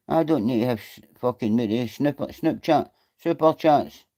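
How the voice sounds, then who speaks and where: A man's voice: mid-range voice, normal speed, mellow. A middle-aged man with a Scottish accent chatting bluntly and swearing freely as he answers viewers on his livestream. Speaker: livestreamer reading chat. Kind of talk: casual livestream chat.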